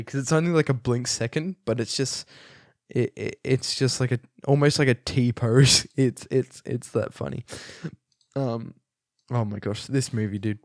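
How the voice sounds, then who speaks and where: A man's voice: mid-range voice, unhurried, vocal fry, no room sound, studio quality. A young man hosting a casual film review, rambling and amused, with many fillers and restarts. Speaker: podcast host reviewing a film.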